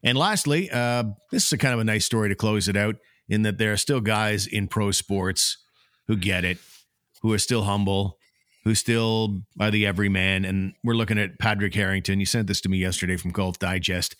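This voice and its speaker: A man's voice: fairly low pitch, steady tone, normal speed, fairly bright tone, no room sound, clean studio sound. A man hosting a casual sports podcast, talking in an easygoing way with many fillers. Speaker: podcast host.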